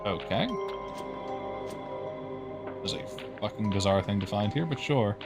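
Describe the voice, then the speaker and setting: A man's voice: lowish voice, animated, measured pace, loud music behind the voice. A man from Canada reading game text aloud on a livestream, dry and wry, with casual swearing. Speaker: streamer.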